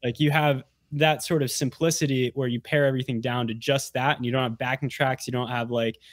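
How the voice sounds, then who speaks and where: A man who is a guest on a podcast, chatting casually in an animated, rambling way with many restarts. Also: mid-range voice, a little fast, dry recording, studio quality. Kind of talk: casual conversational interview.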